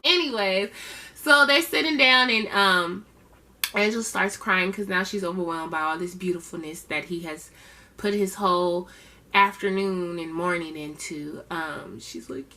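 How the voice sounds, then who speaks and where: A woman's voice: on the high side, expressive, normal speed, bright, forceful tone. A woman casually recapping a reality show episode in a chatty, sassy way, with slangy asides.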